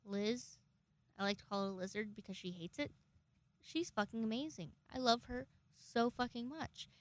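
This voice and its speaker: A woman's voice: medium pitch, normal speed. Young woman in a casual storytime vlog. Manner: chatty, swears a lot, restarts often.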